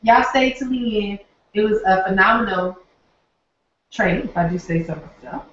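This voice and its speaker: A woman's voice: medium pitch, normal speed, fairly bright tone. Upbeat Southern woman in an echoey office. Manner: upbeat, folksy, talks straight to viewers. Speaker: online training host. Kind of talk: live webinar sign-off. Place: office, alone. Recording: very echoey, distant, dull lo-fi.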